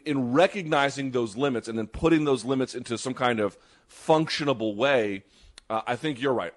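Guy cohosting a sports talk show, quick and opinionated, middle pitch. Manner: fast, animated, opinionated. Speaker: podcast co-host. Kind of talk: casual sports chat.

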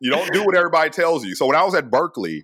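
A man speaking as a podcast guest, telling stories casually and with energy. His pitch swings widely as he talks. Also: racing. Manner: animated, street-casual storyteller. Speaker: guest, scientist. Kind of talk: casual interview storytelling.

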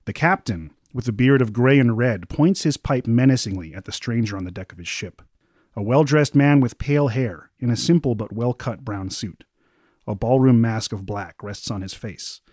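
A man running a tabletop fantasy game, his voice warm and mellow as he paints each scene in measured detail. The sound is close and dry, with no room around it. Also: lowish voice, no room sound. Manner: descriptive, measured narration. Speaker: game master.

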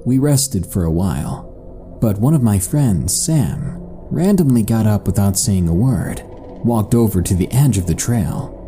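A man with a low, very dark and mellow voice tells a horror story in a slow, suspenseful way, letting his pitch rise and fall a great deal. A soft music bed plays faintly behind him. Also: animated. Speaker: horror podcast narrator. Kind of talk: scripted first-person story narration.

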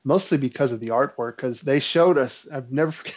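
A man's voice: mid-range voice, a little fast. Rambling man telling a story, lo-fi. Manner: rambling, relaxed storyteller with many fillers. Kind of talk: casual storytelling chat. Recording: dull lo-fi sound.

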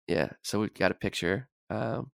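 A man's voice: fairly low pitch, normal speed, creaky, no room sound, clean studio sound. A man chatting as a guest on a casual sports podcast, rambling and stumbling over repeated words.

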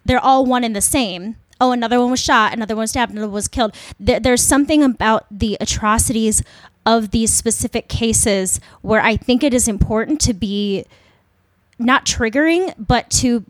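A woman co-host speaks with an earnest, emphatic drive, pressing each point home in a podcast discussion. Her voice sits fairly high and sounds close and dry, with no room around it. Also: normal speed, no echo.

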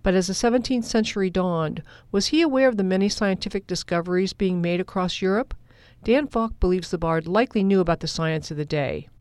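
A woman's voice: lowish voice, brisk, a little mellow, clean tone, no room sound. A woman radio reporter narrating a scripted feature in a composed manner.

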